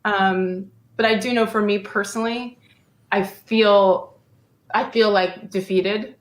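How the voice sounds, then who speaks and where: A woman's voice: medium pitch, steady tone, slow pace, reverberant. A woman, a former sportscaster, speaking as a guest in a candid interview and telling her story with emotion and earnestness.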